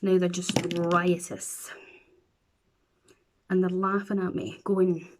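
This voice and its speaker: A woman's voice: fairly low pitch, flat delivery, takes it slowly, noisy background. A Scottish woman chatting playfully through a makeup tutorial at home, with silly asides as she works. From Scotland. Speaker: beauty vlogger.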